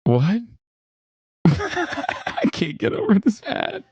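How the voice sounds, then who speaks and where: Sarcastic slow-talking male streamer. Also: high-pitched, huge pitch swings, gravelly, darkish tone, husky, no room sound, dull audio. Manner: sarcastic, rambling, laughing. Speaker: streamer host. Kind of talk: livestream reaction commentary.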